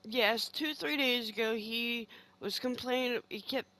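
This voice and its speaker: A woman's voice: a little high, measured pace, bright, forceful tone, rough recording. A middle-aged woman streaming a game from her home game room, telling a long story in a heated, profane, rambling way. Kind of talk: casual storytelling chat while gaming.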